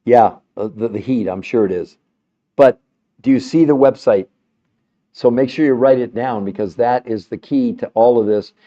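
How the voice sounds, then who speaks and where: An older man chatting with a caller in a loose, animated way. He often laughs and keeps saying her name. His voice is warm and mellow, and the audio is dull and lo-fi. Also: medium pitch, moderate pace. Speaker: health show host talking to a caller. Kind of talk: casual live call-in chat.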